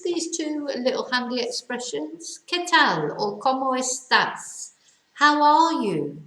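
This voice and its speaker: A woman teaching useful phrases in a chatty lesson, repeating each one slowly for learners. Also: fairly high pitch, a bit bright. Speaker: language teacher. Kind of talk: casual language lesson. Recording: echoey room.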